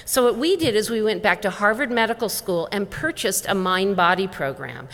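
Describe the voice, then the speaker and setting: A middle-aged woman speaks at a conference as a wellness educator. She is a lively storyteller who acts out the back-and-forth of dialogue, and her voice sits at an ordinary pitch for a woman. Her voice carries the long reverb of a large hall. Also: moderate pace. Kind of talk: storytelling keynote talk.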